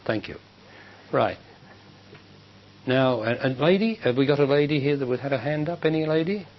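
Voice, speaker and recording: Man giving a measured spiritual talk. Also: mid-range voice. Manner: measured, emphatic, rises sharply when quoting others. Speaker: spiritual teacher. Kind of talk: public talk answering questions. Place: lecture hall with audience. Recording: dull lo-fi 1990s recording with faint hiss.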